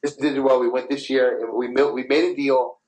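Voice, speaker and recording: A man in his thirties hosting a podcast, telling profane, animated anecdotes in casual chat and laughing as he goes. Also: mid-range voice, brisk, poor audio. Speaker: podcast host.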